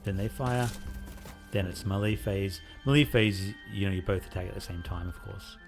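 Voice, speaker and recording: A man casually talking through a playthrough of the game he is developing, relaxed and rambling with lots of fillers. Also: low-pitched, moderate pace, vocal fry, faint music behind. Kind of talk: casual gameplay devlog commentary.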